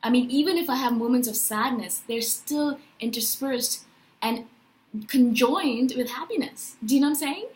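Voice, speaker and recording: A woman in her thirties talking in a personal spiritual vlog, animated and emphatic, often checking in with "right?". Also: high voice, moderate pace, rough recording. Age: 30s. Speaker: vlogger.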